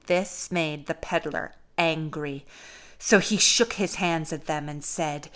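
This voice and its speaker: A young woman, a caregiver, reading a storybook aloud in a slow, gentle, expressive way. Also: low-pitched.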